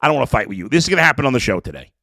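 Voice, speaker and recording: A man's voice: medium pitch, sing-song, rapid-fire, creaky, pushed and bright, dry recording. A man hosting a sports podcast, talking through an emotional, rambling opinion monologue with lots of restarts.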